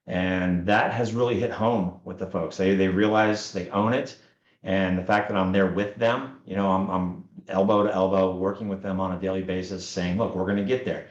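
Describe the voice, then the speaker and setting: A man with a fairly low voice, talking casually as a scrum master. His delivery rambles and restarts in a folksy way. The sound is roomy and echoey, and slightly dull and lo-fi. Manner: rambling, self-interrupting, folksy. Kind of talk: casual conversation.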